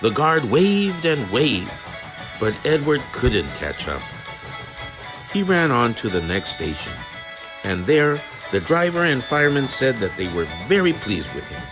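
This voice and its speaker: A man narrating a children's train storybook in a slow, expressive reading. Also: medium pitch. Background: background music.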